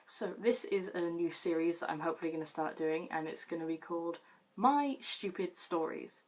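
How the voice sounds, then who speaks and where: A woman's voice: lowish voice, normal speed. Chatty teenage girl, self-mocking. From Britain. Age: late teens. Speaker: vlogger. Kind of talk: casual storytelling to camera.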